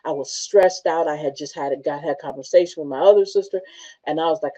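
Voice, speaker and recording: A woman hosting a motivational talk show, reading from her book and telling personal stories in a casual, animated way with frequent laughs. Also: deep voice, fast, dull audio.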